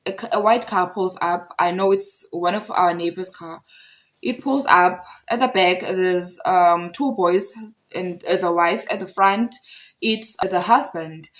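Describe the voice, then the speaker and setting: Animated woman telling a story. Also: fairly low pitch, measured pace. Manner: animated, repeats phrases for emphasis. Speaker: storyteller vlogger. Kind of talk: casual storytime vlog.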